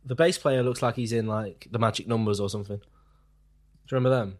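A man's voice: fairly low pitch, steady tone, a little fast. A man co-hosting a music podcast, introducing tracks with wry, teasing remarks. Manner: wry, teasing, laughs often. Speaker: podcast co-host. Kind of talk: casual music chat.

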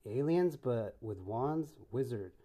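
Mellow, laid-back podcast co-host. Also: male voice, mid-range voice, animated, takes it slowly. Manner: laid-back, swears, says "dude" a lot. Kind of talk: casual podcast chat.

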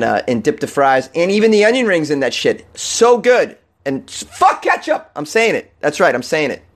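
A young man with a slightly high-pitched voice hosts a loose, comedic news segment. He riffs irreverently on odd headlines, swears freely and chuckles at his own jokes. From New England. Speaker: radio show host. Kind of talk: casual comedic news chat.

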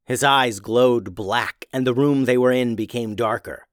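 A man narrating a fantasy story in an expressive storytelling voice. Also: medium pitch, a little slow, dry recording, studio quality.

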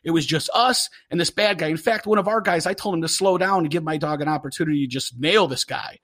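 A man in his forties telling a casual story about police dog work, acting out the quotes loudly. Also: fairly high pitch, quick pace. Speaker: podcast host, former police K9 handler.

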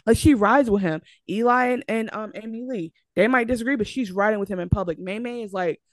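Speaking fairly quickly at medium pitch with no echo, a young woman on a podcast co-hosts a casual chat. She gets animated defending her point, her speech full of fillers and restarts.

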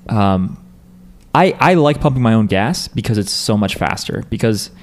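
A man's voice: fairly low pitch, lively intonation, moderate pace. A man co-hosting a podcast, chatting casually in a wry, rambling way with many restarts. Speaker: podcast co-host. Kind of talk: casual chat.

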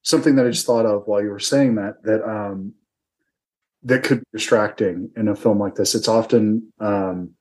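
A man's voice: lowish voice, steady tone, normal speed, a little mellow. An American man interviewing a film director, enthusiastic and conversational. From United States. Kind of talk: casual interview chat.

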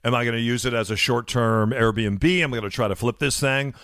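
A man's voice: mid-range voice, fairly quick, fairly bright tone, no echo, clean studio sound. A man co-hosting a casual podcast, a realtor telling stories in an earnest, openly sentimental way. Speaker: realtor and co-host.

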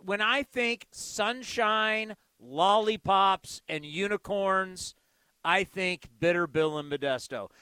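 A man's voice: sits high, pushed and bright, smooth, no echo. A man hosting sports call-in radio, joking in a playful, sarcastic way. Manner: playful, sarcastic, drawn-out delivery. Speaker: radio talk show host.

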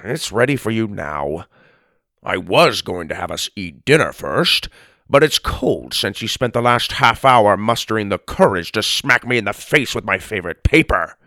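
A man voicing a gruff, deadpan grandfather in a children's audiobook, grumbling with dry sarcasm. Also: on the low side, moderate pace, no echo, full character voice. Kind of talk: audiobook character reading.

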